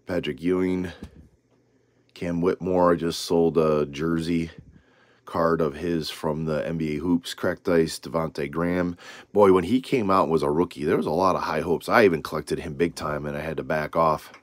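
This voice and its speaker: A man's voice: a bass voice, fairly even intonation, moderate pace, no room sound. A man hosting a casual card-opening video, reading off names with rambling asides. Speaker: trading card channel host.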